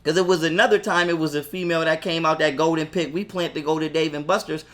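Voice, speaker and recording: Man, high pitched, heated, profane storytelling, casual interview. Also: fairly even intonation, fast, a bit bright. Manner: heated, profane, quotes his own arguments. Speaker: interview guest.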